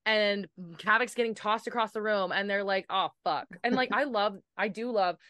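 A woman hosting a casual book podcast, talking in an animated way, swearing freely and acting out lines from the characters over a remote call mic. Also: mid-range voice, normal speed, smooth, no echo, studio quality. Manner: animated, swears a lot, acts out character quotes. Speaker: podcast host. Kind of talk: casual book discussion chat. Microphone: remote call microphone.

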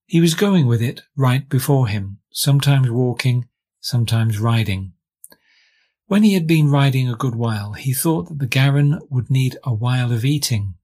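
A man from England reading a fairy tale aloud as scripted narration, with measured storytelling. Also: medium pitch, lively intonation, a little mellow. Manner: measured storytelling, lightly voicing characters. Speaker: audiobook reader.

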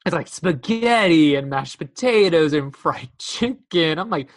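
A young woman co-hosting a casual podcast, retelling movie scenes with animated, acted-out quotes. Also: low voice, unhurried. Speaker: podcast co-host. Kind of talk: casual chat reviewing a movie.

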